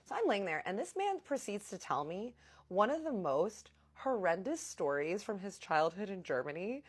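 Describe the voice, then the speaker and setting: A woman telling a dramatic personal story in a casual vlog, animated and talking straight to her viewers. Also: medium pitch, normal speed, breathy edge.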